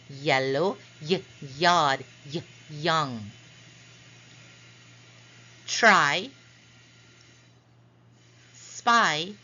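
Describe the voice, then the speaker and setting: A woman teaching a phonics lesson over slides, slowly stretching out and repeating each example word. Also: low voice, fairly bright tone, lo-fi sound. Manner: slow, careful, stretches out example words.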